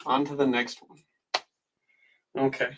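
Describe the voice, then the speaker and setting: A man's voice: mid-range voice, level tone, slow pace, noisy background. A man auctioneering on a live stream from home, chatty and easygoing, with plenty of filler ums. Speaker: online auctioneer.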